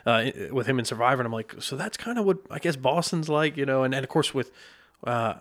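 A man's voice: medium pitch, lively intonation, fast, a bit bright. A man hosting a podcast, asking questions in casual chat with hesitant restarts. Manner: friendly, hesitant with ums and restarts. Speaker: podcast host. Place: podcast studio.

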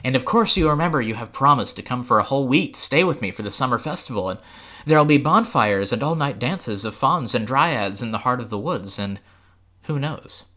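A man's voice: mid-range voice, expressive, brisk, pushed and bright. A man reading aloud and voicing a chattering young noble lady who gushes breathlessly. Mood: gushing.

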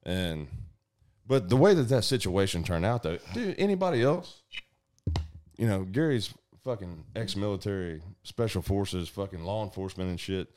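A man, casually telling a profane, animated story to friends and acting out the voices. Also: low-pitched, normal speed, slight background noise.

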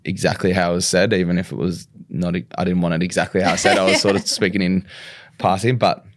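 A young man, a rugby league player and coach, chatting casually in an interview with a relaxed, rambling manner full of restarts. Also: low-pitched, quick pace. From Australia.

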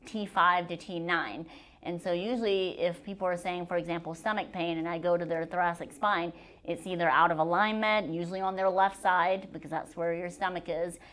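A woman physician talks as a guest on a podcast, her voice sitting a little low. She is chatty and quick to joke, and she explains treatments in plain, everyday terms. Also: a bit bright. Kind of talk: podcast interview.

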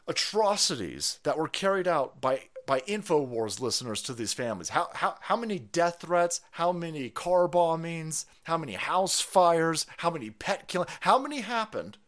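A man hosting a livestream, ranting sarcastically with profanity and shouted outbursts. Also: fairly high pitch. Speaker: livestream host. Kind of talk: ranting political commentary.

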